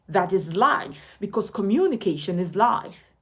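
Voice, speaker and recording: A woman's voice: medium pitch, big pitch swings, moderate pace, a little mellow, rough recording. A woman from Nigeria with a Nigerian accent, a communication coach urging viewers emphatically to sign up for her class and repeating her points. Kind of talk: direct-to-camera class promotion.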